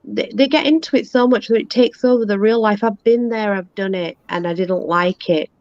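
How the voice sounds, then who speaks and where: A woman's voice: medium pitch, normal speed, darkish tone, no echo. A woman chatting candidly as a guest on a live stream, repeating her points as she goes. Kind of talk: casual chat. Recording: dull, dry lo-fi call audio.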